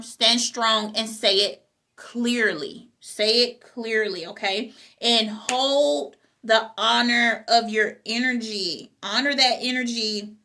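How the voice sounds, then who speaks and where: A woman speaks to her viewers in a motivational talk. Her voice sits a little high and rings bright. She hammers her points home by repeating them and checking in with "okay?". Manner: emphatic, repeats key phrases, asks "okay?". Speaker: host.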